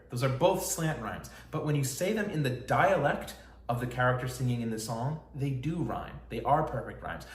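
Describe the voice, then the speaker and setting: A man teaching a songwriting lesson, explaining lyrics with enthusiasm. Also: mid-range voice. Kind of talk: song analysis lesson. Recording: roomy echo, faint music.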